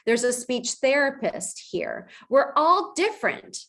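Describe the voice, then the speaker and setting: Female presenter, forties, passionate and fiery, unhurried delivery, motivational team trainer. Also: sits high, big pitch swings, fairly bright tone. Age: 40s.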